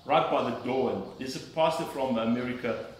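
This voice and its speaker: A man's voice: medium pitch, a little fast, heavy reverb, recorded from a distance, slight background noise, rough recording. A middle-aged man giving an earnest, emphatic personal testimony from the pulpit of a church. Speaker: lay preacher giving testimony.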